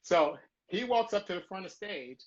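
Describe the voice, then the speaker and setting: A middle-aged man from New York tells an animated, profane story as a guest, acting out each scene he describes. His voice is a little husky and sits somewhat high. The audio is slightly muffled and lo-fi. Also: moderate pace.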